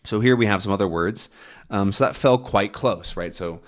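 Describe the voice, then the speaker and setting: A man's voice: lowish voice, moderate pace. A man teaching English by reading a comic aloud, patiently explaining words and often checking in with "right?".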